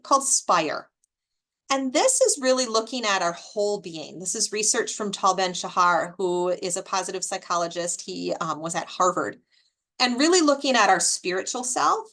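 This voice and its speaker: A woman presents an informal lesson in a bright, forward voice at an ordinary pitch. She talks in a chatty, animated way, weaving in personal anecdotes and tossing out rhetorical questions to her listeners. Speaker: extension educator presenting a caregiving webinar.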